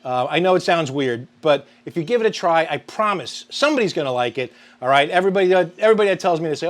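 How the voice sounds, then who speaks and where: A man's voice: a little high, animated, fast talker, hardly any pauses. A man hosting a grilling show, talking viewers through a recipe in an upbeat, chatty way. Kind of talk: cooking demonstration to camera.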